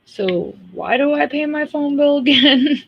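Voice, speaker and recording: A woman's voice: high voice, lively intonation, measured pace, lo-fi sound, slight background noise. A woman hosting a casual livestream, talking bluntly and ranting in an exasperated way, with frequent laughs. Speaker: livestream host.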